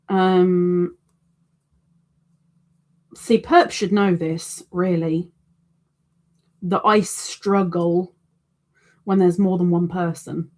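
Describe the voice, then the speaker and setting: A woman's voice: on the low side, fairly even intonation, extremely slow, pauses often, darkish tone. A middle-aged woman hosting a crochet live stream, chatting casually and self-deprecatingly, reading out viewer comments.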